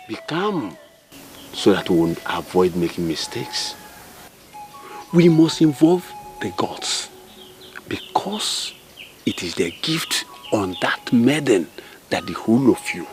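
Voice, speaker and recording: A man playing a calm, dignified envoy from a neighbouring village, speaking slowly and solemnly. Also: fairly low pitch, a little hiss or hum. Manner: slow, measured, solemn.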